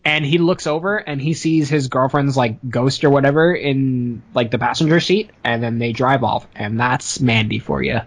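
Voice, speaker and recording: A man co-hosting a casual movie review chat, retelling the plot in a profane, animated way. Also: mid-range voice, moderate pace, hardly any pauses. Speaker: podcast co-host.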